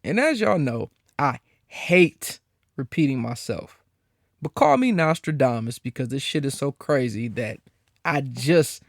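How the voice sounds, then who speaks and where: Male podcast host, fairly high voice that swings wide, profane incredulous rant, dry close mic. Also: measured pace, no room sound. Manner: profane, animated, incredulous ranting with frequent laughs.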